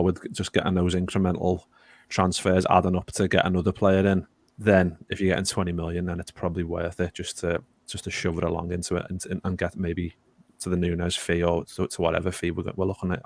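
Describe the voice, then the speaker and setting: A man's voice: low-pitched, a little mellow. A man on a football podcast panel, rambling and repeating words as he reasons through a transfer. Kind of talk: casual football chat.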